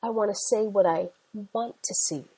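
Mellow, husky-voiced woman preaching. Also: medium pitch, rough recording. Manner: emphatic preaching with slow stressed phrases. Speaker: Christian speaker. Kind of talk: sermon.

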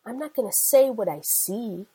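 Woman preacher, forties, mellow husky tone, emphatic sermon delivery. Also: fairly high pitch, lively intonation, poor audio. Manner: emphatic preaching with slow stressed phrases. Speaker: Christian speaker.

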